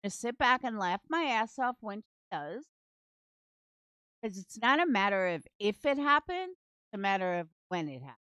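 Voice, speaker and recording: A woman's voice: mid-range voice, big pitch swings, normal speed, sharp tone, clean tone, no echo. Blunt, foul-mouthed woman streamer. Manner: blunt, profane and sarcastic. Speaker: true crime commentary streamer. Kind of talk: casual livestream commentary. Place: at home.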